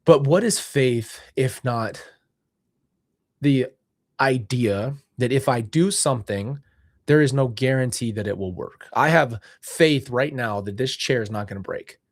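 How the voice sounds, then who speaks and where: A man's voice: medium pitch, measured pace, dry recording, studio quality. A young man talking earnestly and rambling about faith, seated indoors as a podcast host, often correcting himself mid-thought. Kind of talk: reflective faith talk.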